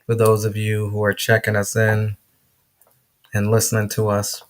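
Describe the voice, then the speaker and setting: A man hosting a casual podcast interview, laid-back and quick to laugh. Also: lowish voice, monotone. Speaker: podcast host.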